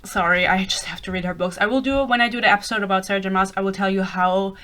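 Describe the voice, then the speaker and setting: A woman in her twenties from Germany, speaking English with a light German accent, rambling excitedly in a casual book podcast chat and swearing freely. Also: mid-range voice, quick pace. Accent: German-influenced English. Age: 20s. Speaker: podcast host.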